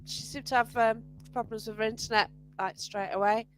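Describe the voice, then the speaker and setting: A woman's voice: a little high, fairly even intonation, a little fast, low-quality recording. A woman hosting an online interview, chatting casually, with hesitant restarts and personal asides. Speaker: host.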